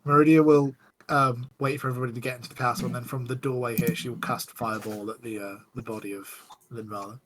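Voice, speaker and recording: A man's voice: medium pitch, steady tone, fast talker, slight background noise. A man playing a tabletop game, talking eagerly and casually at the table. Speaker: player.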